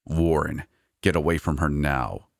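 A terse male manager in an audio story, issuing commands with quiet authority, voiced by a man reading all the parts. The voice sits deep and low. It is recorded dry, with no room sound. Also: moderate pace, no room sound, lightly acted. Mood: calm commanding. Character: calm, urgent male manager protecting his coworker.

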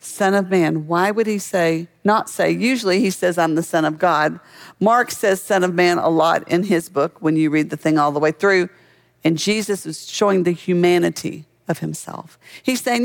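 A man's voice: sits high, normal speed, vocal fry. A man preaching a sermon as a pastor, in a conversational way that keeps asking the listeners questions.

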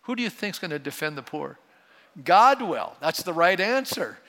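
A man's voice: sits high, big pitch swings, moderate pace, a bit bright. A male pastor preaching a sermon in a church sanctuary, talking conversationally and often polling the congregation with questions. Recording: long hall reverb.

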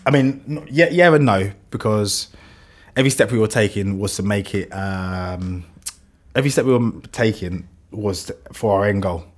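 A man's voice: on the low side, normal speed. A man as an interview guest, telling his story in a rambling, casual way, full of "like" and swearing. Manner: rambling, heavy use of "like", swears. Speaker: interview guest, business founder.

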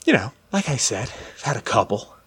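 Brief: late-20s male co-host, animated storyteller, very expressive pitch, jumps into quoted voices. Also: fairly quick, husky. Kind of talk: casual storytelling chat.

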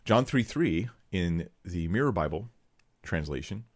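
A man's voice: sits low, lively intonation, a little slow. A man giving blunt, sarcastic Bible commentary to his viewers, reading verses and critiquing a teaching.

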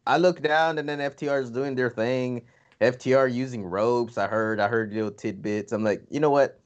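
A man's voice: mid-range voice, steady tone, normal speed, muffled recording. A man co-hosting a wrestling podcast in casual chat, laid-back and jokey, often laughing.

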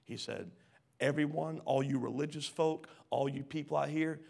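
A man preaching a sermon, reading scripture aloud and questioning the congregation, swinging from hushed lines to loud ones. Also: on the high side, steady tone, moderate pace, vocal fry. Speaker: pastor.

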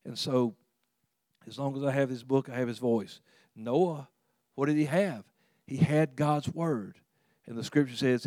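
A man preaching a sermon in a conversational, earnest way, with frequent restarts and sudden rises in pitch and volume. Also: measured pace, pauses often, warm tone, no room sound, clean studio sound. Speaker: pastor.

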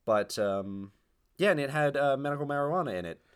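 A young man with a mid-range voice co-hosting a casual podcast. He cracks dry, deadpan jokes and hesitates with frequent ums while he explains. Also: medium pitch, a little fast, clean tone. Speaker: podcast co-host. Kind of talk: casual comedic chat.

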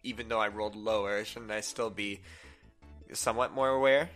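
A man's voice: fairly low pitch, fairly even intonation, normal speed, a bit bright, soft background music. A young man playing a tabletop game, hesitant and playful with many ums. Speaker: player.

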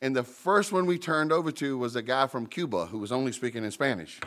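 Guy preaching in a church, chatty storytelling sermon, mid pitch, retells scripture casually. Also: lively intonation, a little fast, fairly bright tone. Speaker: pastor.

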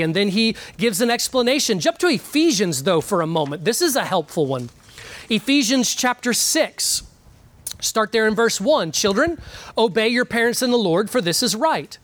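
A man's voice: high voice, a bit bright, no room sound. Earnest preacher man, dry sound. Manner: earnest, repeats key words for emphasis; pauses with frequent fillers. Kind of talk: sermon.

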